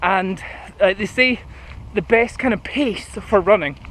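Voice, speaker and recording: A man's voice: sits high, unhurried, a bit bright. A man in his thirties chatting casually while jogging outdoors, a bit breathless and rambling, filming himself on a camera. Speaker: running vlogger. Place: outdoors on paths near a city. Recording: outdoor noise, planes and traffic. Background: traffic and aircraft noise.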